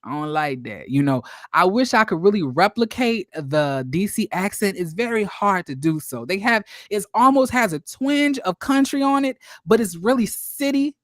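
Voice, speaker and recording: A man's voice: sits high, lively intonation, moderate pace, hardly any pauses, a bit bright, no echo, clean studio sound. A man giving a casual, gossipy recap of a reality show, full of fillers and shade, talking straight to his viewers. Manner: chatty and gossipy, addresses viewers as y'all, full of likes and you-knows; sassy, throws shade. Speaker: YouTube commentator.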